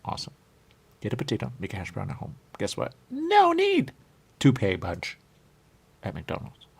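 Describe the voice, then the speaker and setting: A man's voice: low-pitched, fairly quick, vocal fry, slightly rough. A man hosting a talk show, rambling playfully with sing-song repetitions and riffs. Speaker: radio show host.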